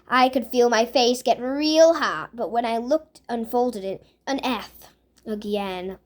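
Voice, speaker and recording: High-voiced woman reading a story aloud. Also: measured pace. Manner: stumbles and restarts while reading. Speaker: reader. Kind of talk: reading a picture book aloud.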